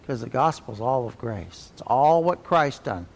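A man's voice: mid-range voice, lively intonation, a little slow, creaky. Folksy church teacher, man, echoing hall. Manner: folksy, repeats phrases, asks "right?". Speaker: Sunday school teacher. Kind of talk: conversational Bible teaching.

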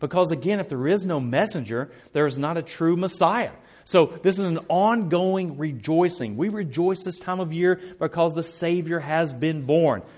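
A man's voice: on the high side, normal speed, few pauses, darkish tone. A man preaching a sermon, earnest and emphatic, often repeating words as he starts a thought. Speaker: pastor.

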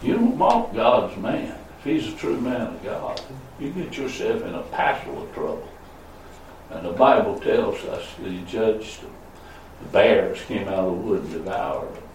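A male pastor preaching a sermon, swinging between loud high calls and low murmurs. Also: lively intonation, unhurried, a little hiss or hum. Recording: echoey room, voice from a distance.

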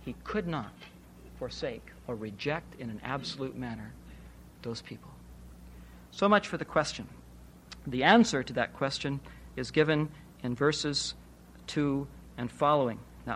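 A man's voice: mid-range voice, a bit bright, a little hiss or hum. A man preaching an expository Bible sermon, emphatic, posing rhetorical questions and repeating key phrases.

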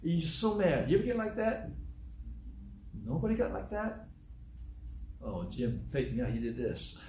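Roomy, higher-voiced preaching man. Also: big pitch swings, normal speed, dark tone, a little hiss or hum. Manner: conversational, teasing the congregation with questions. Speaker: pastor. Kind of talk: sermon.

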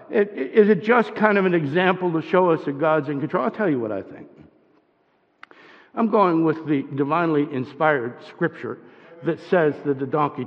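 High-voiced man preaching in a hall. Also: lo-fi sound. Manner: conversational, asks the audience questions, restarts often. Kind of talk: sermon.

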